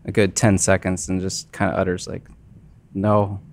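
A man playing a tabletop role-playing game, speaking in a hesitant, deadpan way with many fillers. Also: deep voice, normal speed. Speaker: player. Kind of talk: tabletop role-play chat.

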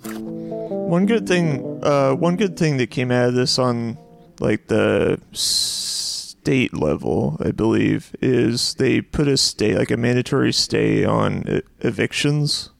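A man with a strongly gravelly, creaky voice, talking slowly and with care in a casual podcast chat. The mic is close and dry, with no room sound. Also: medium pitch, no room sound, faint music behind. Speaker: podcast co-host.

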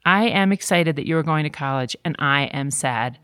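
A middle-aged woman talking casually, animated and quick to act out voices in her stories. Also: low voice. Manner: animated storyteller, jumps into quoted voices. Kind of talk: casual conversation.

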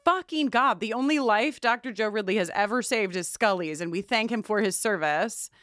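A woman's voice: mid-range voice, moderate pace, no room sound, clean studio sound. A woman co-hosting a podcast, recapping a TV episode in casual chat, swearing freely and acting out lines from the show. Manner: swears freely, animated retelling with quoted lines. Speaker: podcast co-host.

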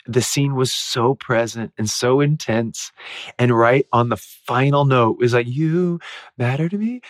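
A man in his forties, a guest on an interview show, telling stories in a lively way and laughing often. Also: mid-range voice, a little slow, no room sound. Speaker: guest actor. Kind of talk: casual interview storytelling.

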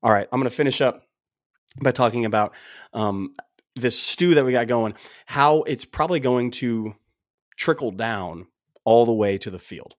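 A man's voice: mid-range voice, normal speed, long pauses, no echo, clean studio sound. A man hosting a sports podcast, talking in a casual, emphatic, folksy way. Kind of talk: casual opinionated sports talk.

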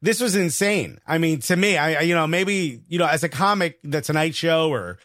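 A man with a New York accent, a comedian co-hosting a podcast and telling an excited, slangy story in casual chat. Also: a little high, normal speed, no room sound, studio quality.

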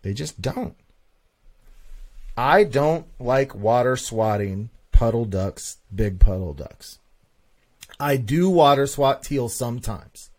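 A man's voice: medium pitch, lively intonation, slow pace, darkish tone. A man hosting a casual podcast monologue, talking emphatically and repeating points for stress. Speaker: podcast host.

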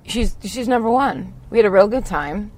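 A woman with an everyday mid-range voice chats with her co-host, telling an animated story. She slips into other people's voices as she goes, and the talk stays loose and conversational. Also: mid-range voice, normal speed. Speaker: podcast co-host. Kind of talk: casual chat. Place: in a moving car.

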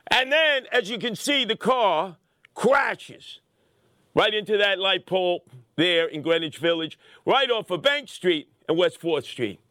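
A middle-aged man tells a story as a podcast host, bursting into shouts at the big moments. His voice sits very high and sounds sharp and forceful. The recording is dry and close. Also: measured pace, no room sound. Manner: excitable, shouting bursts, punchy street-tough delivery. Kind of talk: animated storytelling commentary.

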